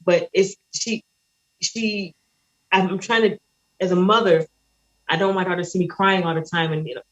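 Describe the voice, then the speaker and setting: A woman caller sharing a painful personal story, halting and shaky, with many restarts. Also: lowish voice, fairly even intonation, lo-fi sound.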